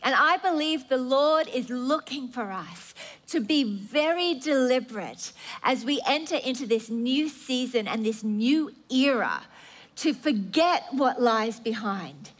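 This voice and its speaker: A woman preacher delivering an earnest sermon with emphatic repetition. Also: high-pitched.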